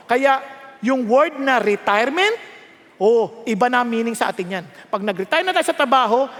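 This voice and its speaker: Male pastor, sermon, very high voice, long hall reverb, animated, quizzes the crowd. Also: normal speed. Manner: animated, switches between hushed and shouted emphasis, asks the crowd questions. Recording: long echo of a large hall.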